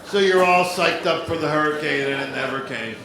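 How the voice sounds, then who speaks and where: Guy doing standup in a club, kinda high voice, super echoey room, crowd laughing loud over him. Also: heavy background noise. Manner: chatty, jokey, does quick voice impressions. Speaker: stand-up comedian. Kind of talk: stand-up comedy set. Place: comedy theater stage. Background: audience laughter.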